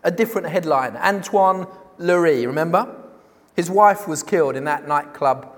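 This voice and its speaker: High-voiced preacher, echoing hall. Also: male voice. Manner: emphatic, rhetorical questions, slows down on key words. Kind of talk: sermon. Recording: long reverb of a large hall.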